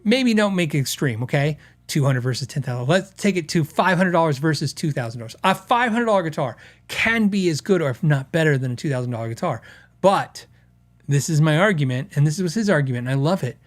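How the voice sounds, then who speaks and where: This male podcast host has a fairly high pitch, lively intonation, and a slightly fast delivery. He chats casually while reading viewer comments, wandering off, starting over, and performing the quotes.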